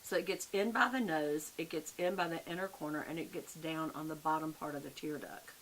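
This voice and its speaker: Walking viewers through a makeup tutorial, an older Southern US woman keeps things chatty, folksy, and friendly, calling everyone "y'all." As a beauty vlogger, she speaks a little fast in a low voice. The recording is low quality, with faint background hiss.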